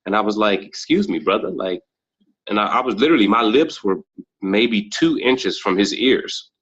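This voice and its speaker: Low-voiced man telling reflective stories. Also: animated, normal speed, fairly bright tone, husky. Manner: thoughtful, acts out quoted dialogue. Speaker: podcast guest. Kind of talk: reflective personal storytelling. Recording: dull lo-fi sound.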